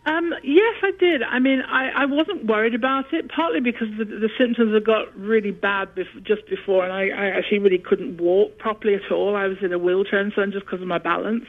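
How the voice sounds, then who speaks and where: A woman with a British accent, a guest opera singer telling her story in an interview, lively and laughing at times. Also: medium pitch, a little fast, hardly any pauses. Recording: tinny phone line.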